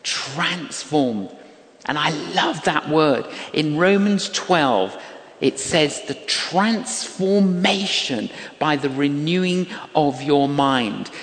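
An older man preaches with a fairly high, very lively voice that swoops up and down as he acts out the people in his story. He speaks slowly and deliberately. The sound rings with the long reverb of a big hall. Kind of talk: sermon with storytelling.

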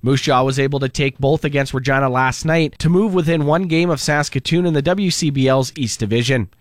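Man, radio newsreader, steady delivery, dead-dry booth. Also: mid-range voice, brisk, no echo. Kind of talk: scripted news and sports read. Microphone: studio mic.

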